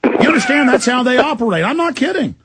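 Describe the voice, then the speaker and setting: A man hosting a talk radio show, forceful and emphatic, cutting in on his guest. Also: extremely high pitch, very animated, fast, heavy background noise.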